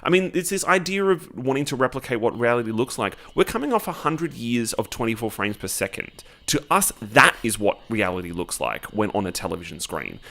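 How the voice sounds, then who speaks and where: A man co-hosting a casual film podcast, talking in an animated, emphatic way and swearing freely. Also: mid-range voice, brisk, gravelly, hardly any pauses. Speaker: podcast co-host.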